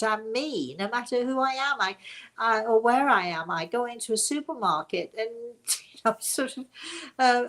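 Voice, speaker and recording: A woman's voice: mid-range voice, fairly bright tone. An older woman talks straight to her online audience in a loose, chatty way. She wanders from thought to thought, restarts her sentences and keeps breaking into laughter as she goes. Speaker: host. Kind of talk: casual chat to a webinar audience.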